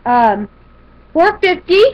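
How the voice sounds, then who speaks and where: A woman's voice: high-pitched, big pitch swings, takes it slowly. A woman chatting casually to camera as she shows a shopping haul, rambling with fillers and restarts. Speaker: vlogger showing a shopping haul. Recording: dull lo-fi home video audio.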